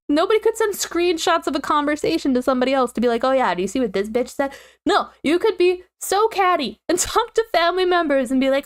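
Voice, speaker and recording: Young woman, high voice, tired, giggly casual streamer chat. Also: fairly quick. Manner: chatty, giggly, animated swings in pitch. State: tired, yawning.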